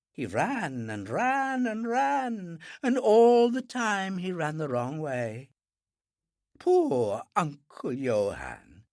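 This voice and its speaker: A narrator voicing a bitter young actress who taunts her father in a quiet, cold, mocking voice. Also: fairly low pitch, no echo, studio quality, pitched above the performer's own voice. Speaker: actress, Otto's daughter.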